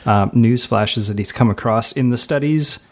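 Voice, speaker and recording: A man co-hosts a podcast in a relaxed, joking manner. His voice sits in an ordinary middle pitch, and he keeps the talk light and conversational. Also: normal speed. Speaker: podcast co-host. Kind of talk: casual podcast chat.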